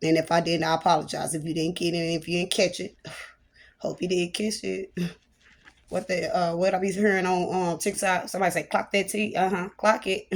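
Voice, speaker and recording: A woman's voice: on the low side, level tone, moderate pace. A woman prophetess giving a spoken prophetic message, chatty and playful, with church exclamations.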